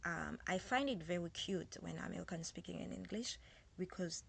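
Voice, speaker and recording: A woman with a strong French accent giving a casual French lesson, slowly repeating and spelling out words. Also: fairly low pitch, gravelly, fairly bright tone, slightly rough. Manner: slow, repeats and spells out words, code-switching. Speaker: French teacher.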